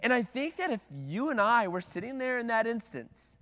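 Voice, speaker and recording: A man's voice: very high-pitched, sing-song, moderate pace, pushed and bright. A man preaching a sermon from the pulpit in a conversational way, with frequent "like"s and restarts. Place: church sanctuary at the pulpit. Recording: long reverb of a church hall.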